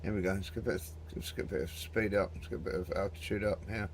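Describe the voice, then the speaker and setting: Brief: male gaming host, chatty and rambling, a creaky voice with faint background noise. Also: lowish voice, fairly even intonation, quick pace. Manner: chatty and rambling, lots of "mate". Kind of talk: casual gameplay commentary.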